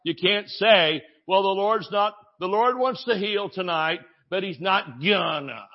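A man preaching a sermon as a pastor, animated, with shouted exclamations and joking asides. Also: sits high, unhurried, few pauses, dull audio.

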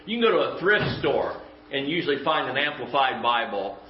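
A man preaching a conversational sermon in a church, folksy and emphatic, with quick asides. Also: mid-range voice, very animated, a little hiss or hum. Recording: echoey church room, dull lo-fi sound.

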